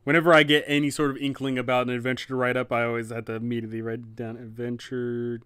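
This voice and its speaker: A man's voice: mid-range voice, level tone, rapid-fire, fairly bright tone, smooth, no echo. A man, a dungeon master hosting a live Q&A stream, chatting casually and rambling. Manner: rambling, lots of fillers and restarts.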